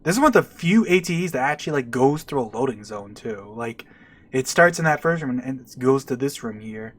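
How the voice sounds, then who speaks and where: A man's voice: medium pitch, lively intonation, a little fast. A man giving casual, chatty commentary while playing a video game, with frequent "like" and restarts. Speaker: let's play host. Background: faint game music.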